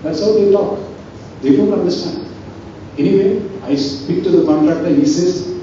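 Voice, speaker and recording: A man's voice: high-pitched, normal speed, mellow. A man giving a talk of personal stories, acting out the dialogue as he tells them. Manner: storytelling that acts out quoted dialogue. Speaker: invited speaker. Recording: distant, dull, very echoey hall with faint noise.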